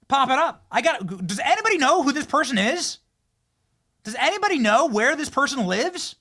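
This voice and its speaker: A man hosts a commentary show in a high, hyped voice. His pitch swings widely, and he riffs with jokes and sudden loud bursts. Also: very animated, fast. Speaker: show host. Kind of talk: excited political commentary show.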